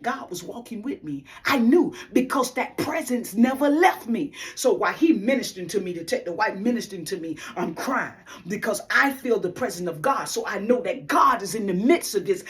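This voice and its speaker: A woman of middle pitch shares her faith testimony with real conviction. She talks straight to her listeners like a preacher, leans hard on key lines, and keeps slipping into a hushed, close whisper. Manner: emphatic, preacher-like, addresses viewers as y'all. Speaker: testimony speaker.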